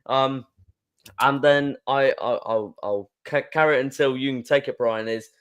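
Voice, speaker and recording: A man co-hosting a podcast, telling a story in an excitable way, laughing and restarting often. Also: medium pitch, moderate pace, clean tone. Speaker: podcast co-host. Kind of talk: casual storytelling chat.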